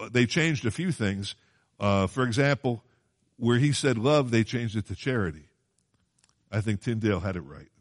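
Male preacher, lowish voice, chatty sermon delivery that keeps checking in with the congregation. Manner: conversational, asks the congregation questions; quotes scripture in old-fashioned wording.

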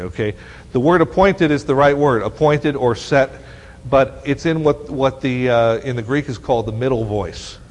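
A man preaching a sermon as pastor, animated and often asking the congregation questions. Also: medium pitch. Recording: long hall reverb.

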